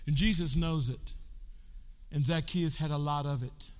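A middle-aged male pastor preaching an animated sermon, shouting and half-singing as he calls out to the congregation in a church. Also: fairly high pitch, moderate pace. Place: church sanctuary. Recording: long hall reverb.

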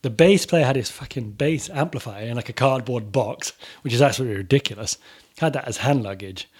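A man's voice: medium pitch, a little fast, a little mellow, breathy edge. A man telling a casual story about touring with his band, swearing freely and acting out the quotes. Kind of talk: casual anecdote.

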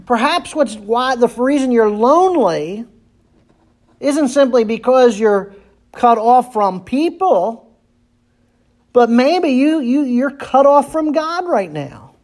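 A man's voice: very high voice, lively intonation, takes it slowly, darkish tone. A man preaching a sermon as pastor, earnest and repeating phrases for emphasis.

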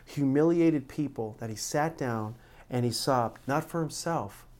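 A man's voice: mid-range voice, measured pace, darkish tone. Earnest middle-aged male pastor preaching. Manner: earnest, emotional storytelling with many restarts. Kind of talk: sermon.

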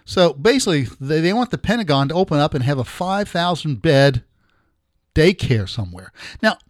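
A middle-aged man giving casual political commentary as a podcast host, rambling and halting with many restarts, blunt and sarcastic. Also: fairly high pitch, very animated, no room sound, clean studio sound.

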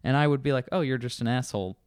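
A man casually telling a bar story, swearing and acting out angry customers in loud voices. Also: medium pitch, quick pace, smooth, no room sound, clean studio sound.

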